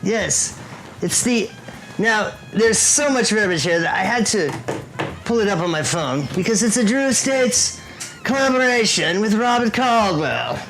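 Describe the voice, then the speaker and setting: A relaxed man co-hosting a cigar review, rambling and cracking jokes. His pitch swings widely as he talks. Faint music plays in the background. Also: a little slow, poor audio. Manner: laid-back, joking, rambling. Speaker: co-host of a cigar review show. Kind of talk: casual chat.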